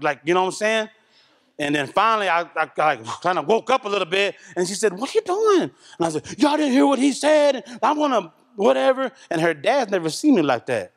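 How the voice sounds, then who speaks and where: A middle-aged man from Oklahoma preaching a sermon, telling stories in a casual, animated way that swings from loud to hushed. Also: high voice, big-room sound. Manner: animated, colloquial storytelling with shifts between loud and hushed. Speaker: pastor. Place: church sanctuary.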